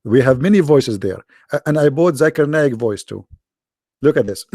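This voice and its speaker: Tired, hoarse male stream host, gravelly and taunting, dry close mic. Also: medium pitch, expressive, normal speed, darkish tone, no room sound. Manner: sarcastic, taunting. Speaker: host of a live debate stream. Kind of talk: casual mocking live-stream talk. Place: quiet room at home.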